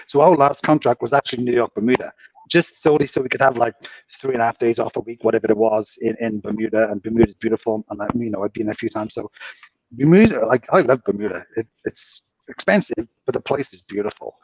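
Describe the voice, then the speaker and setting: A man co-hosts a casual podcast, rambling through stories with plenty of fillers and frequent laughter, and he used to deal at a cruise ship casino. His mid-range voice moves fairly quickly, a little mellow with a breathy edge. The recording is dry, dull, and lo-fi.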